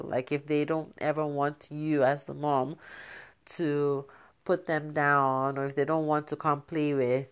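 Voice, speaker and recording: A woman's voice: low voice, clear, resonant tone. A young woman from Nigeria, a mother, chatting casually to her viewers, laughing often and using many fillers. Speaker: vlogger. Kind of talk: casual talk to camera.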